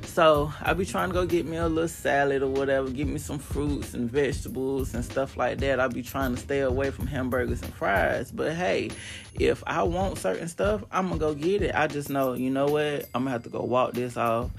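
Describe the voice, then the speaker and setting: Gravelly-voiced woman host. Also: rumbling low, normal speed, over music. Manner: chatty and emphatic, with animated bursts. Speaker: podcast host. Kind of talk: casual podcast monologue.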